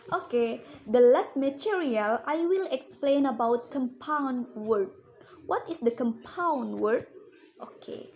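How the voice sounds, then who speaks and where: Woman with a higher voice reading out a lesson really slowly, says okay a lot, bit of hiss behind. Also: a little mellow, low-quality recording. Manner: slow, careful, with many repeated "okay"s. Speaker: student presenter. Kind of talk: reading a lesson on English word stress.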